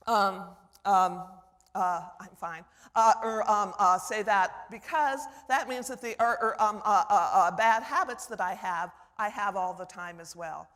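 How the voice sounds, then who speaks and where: An older woman giving a conference workshop on public speaking, teaching with personal anecdotes in an animated way. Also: medium pitch. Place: conference hall. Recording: long hall reverb.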